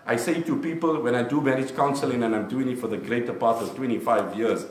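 A middle-aged man preaching a sermon, animated and storytelling, shifting from hushed to loud. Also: medium pitch, quick pace. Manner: animated, swings from hushed to loud, addresses listeners as bro. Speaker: imam and lecturer. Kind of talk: lively sermon with storytelling and humor. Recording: echoey room.

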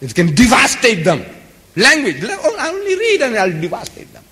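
A man's voice: very high voice, wildly swooping pitch, normal speed, bright, forceful tone. A man giving an impassioned public lecture, speaking emphatically and stacking long repeated lists. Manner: emphatic, repetitive, building lists. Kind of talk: impassioned lecture to a live audience. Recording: echoey hall.

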